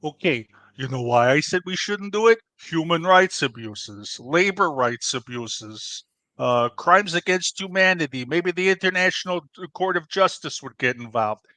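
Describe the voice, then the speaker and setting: A man puts on a bossy pizza-joint owner who lectures and scolds his partner in a comedy debate. The voice sits fairly high and rings bright and sharp, recorded close and dry. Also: animated, measured pace, dry recording. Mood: indignant. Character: brash middle-aged male pizzeria owner, bossy know-it-all.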